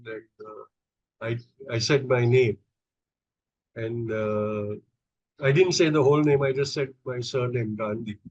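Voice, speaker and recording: Speaking in a mid-range voice, a middle-aged podcast guest from India recounts personal stories conversationally, hesitant and full of fillers and restarts. The sound is lo-fi with no echo.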